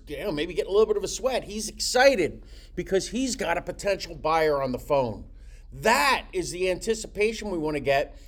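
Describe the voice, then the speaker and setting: A middle-aged man coaches real estate agents on prospecting calls, his pitch rising and falling in lively swoops. His voice sits a little high for a man. He slips into little acted phone dialogues to make his points. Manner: animated, acts out phone calls with different voices. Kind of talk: teaching sales technique.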